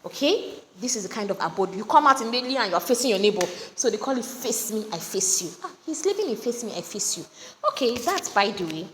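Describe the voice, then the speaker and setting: A woman's voice: a little high, quick pace. Chatty Nigerian woman teaching a poem. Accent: Nigerian English. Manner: lively, chatty, rhetorical questions to students. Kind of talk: casual recorded lesson. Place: home with generators running nearby. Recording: audio recording, reverberant, faint generator noise.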